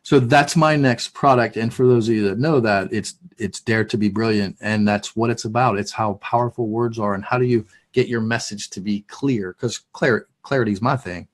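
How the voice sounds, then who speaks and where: A man's voice: lowish voice, moderate pace, hardly any pauses. A man hosting a live interview show, enthusiastic and encouraging as he asks questions and reads viewer comments. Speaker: interview host.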